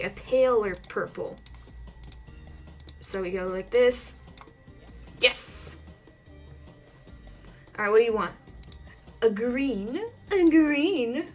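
A woman giving casual let's-play commentary, talking to herself with frequent flustered yelps and laughs. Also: medium pitch. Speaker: gaming channel host.

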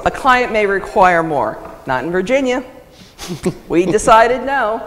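A woman presenting a legal ethics lecture at a symposium, lively and emphatic, laughing often. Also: sits low. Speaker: conference speaker on legal ethics. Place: lecture hall. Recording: reverberant hall sound.

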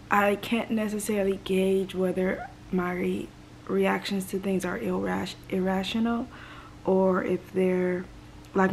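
Young woman vlogging sick, stuffy and a bit weepy, rambly, fry in her voice. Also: mid-range voice, a little hiss or hum. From Los Angeles, United States. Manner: rambling, talks in reported thoughts. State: sick and congested, emotional. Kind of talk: casual vlog talk.

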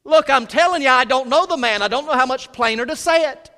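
A male preacher acting out a frightened apostle who nervously dodges and then flatly insists on his denial, in a reverberant church. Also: very high-pitched, fairly quick, pitched above the performer's own voice. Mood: insistent.

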